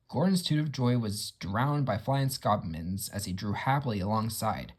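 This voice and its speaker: Husky man reading a storybook aloud. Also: lowish voice, lively intonation, moderate pace, hardly any pauses.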